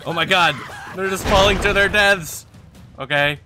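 A man hosting a let's play, excitedly commenting on the action and muttering to himself between outbursts. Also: high voice, normal speed, background noise. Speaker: gaming video host. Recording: game music and gunfire behind.

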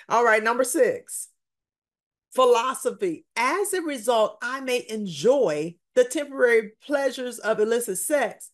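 Brief: woman preacher, slow deliberate delivery, emphatic, repeats lines for weight. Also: a little high, animated. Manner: emphatic, repeats key phrases, numbered points. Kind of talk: sermon.

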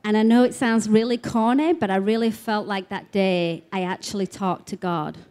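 In an expo talk room, a woman shares spiritual healing stories with a live audience, chatting freely and using many "like" fillers. Her mid-range voice is a little mellow and moves at a moderate pace.

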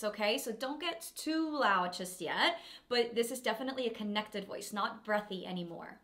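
A woman's voice: fairly high pitch, expressive, moderate pace, loud music behind the voice. A woman who is a vocal coach, giving an upbeat and encouraging singing lesson.

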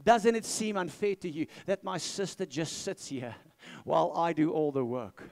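A man's voice: on the high side, expressive, normal speed, a little mellow. A man voicing a resentful, put-upon woman who complains while preaching a sermon. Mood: aggrieved complaining. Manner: whiny, resentful.

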